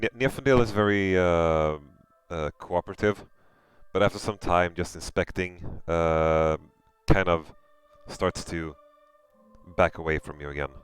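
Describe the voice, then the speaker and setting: Deep-voiced Swedish game master. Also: male voice, a little slow, clear, resonant tone, no echo. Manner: hesitant, many fillers and restarts. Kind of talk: narrating a tabletop game.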